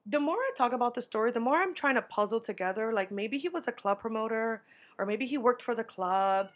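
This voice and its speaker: A young woman hosting a podcast, telling a story casually, swearing freely, saying 'like' constantly and acting out what people said with sudden jumps in pitch. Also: fairly quick. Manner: animated, swearing, heavy on filler 'like'. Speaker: podcast host.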